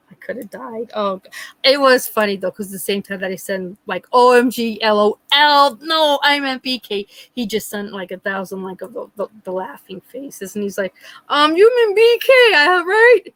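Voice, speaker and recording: Mom on a livestream telling a funny story, laughs a lot, dry close mic. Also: female voice, fairly high pitch, a bit bright, no echo, low-quality recording. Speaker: livestream host. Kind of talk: casual storytelling chat.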